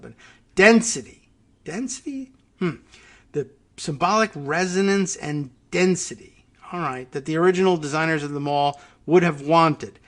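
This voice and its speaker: Guy on his talk show reading an article out loud, slow and deliberate, slightly higher voice, quiet rambling asides. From United States. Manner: reads slowly and deliberately, drops to quiet asides with fillers. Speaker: podcast host.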